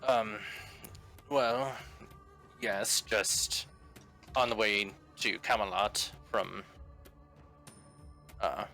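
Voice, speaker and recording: A man voicing a polite, reserved grown man, recently out of prison, who speaks in a halting way. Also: fairly low pitch, gravelly, pushed and bright, faint music behind, heavily acted.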